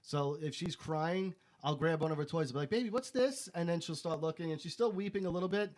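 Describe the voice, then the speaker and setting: A man's voice: a little high, steady tone, fast, darkish tone. Blunt, laid-back man on a podcast. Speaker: podcast co-host; father. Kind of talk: casual podcast chat.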